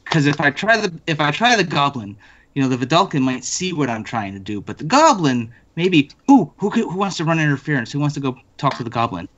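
A man's voice: on the high side, very animated, brisk, fairly bright tone. A man playing in a casual tabletop game, eager and pleading, rambling as he thinks aloud. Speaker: player. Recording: slightly dull audio.

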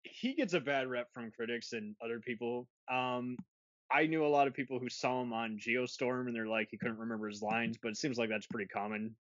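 A man's voice: mid-range voice, steady tone, fairly quick, fairly bright tone, dry recording. A man hosting a casual film review podcast, rambling and restarting his sentences with frequent laughs. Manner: rambling, self-interrupting, laughs often. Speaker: podcast host. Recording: dull lo-fi dry sound.

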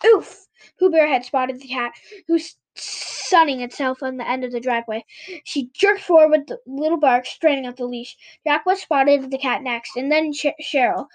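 A woman's voice: sits high, moderate pace. A woman reading a children's book aloud, often stumbling and correcting herself. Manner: frequent stumbles and self-corrections. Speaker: reader.

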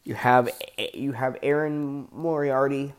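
A man's voice: mid-range voice, fairly even intonation, slow pace, clear, resonant tone. A man giving a casual, enthusiastic TV show review, rambling with frequent restarts and casual swearing.

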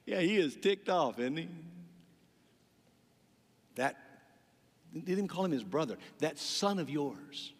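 A man's voice: fairly high pitch, expressive, slow pace, pauses often, long reverb tail. A man preaching a sermon as pastor, telling a story with dramatic delivery and acting out the voices in it.

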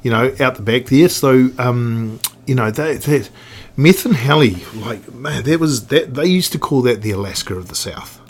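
A man's voice: mid-range voice, lively intonation, normal speed, husky. Rambling middle-aged New Zealand man. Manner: rambling, many restarts and fillers. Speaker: guest, snowboard industry veteran. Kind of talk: casual podcast chat.

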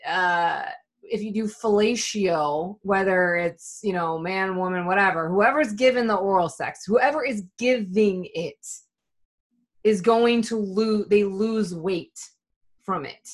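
A woman co-hosting a podcast, telling casual, animated stories with lots of swearing and laughter. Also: mid-range voice, slow. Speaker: podcast co-host. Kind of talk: casual chat.

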